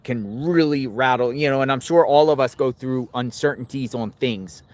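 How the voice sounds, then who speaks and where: A man hosting a live stream, giving calm, brief prompts and agreement to a caller. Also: mid-range voice, moderate pace. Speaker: host.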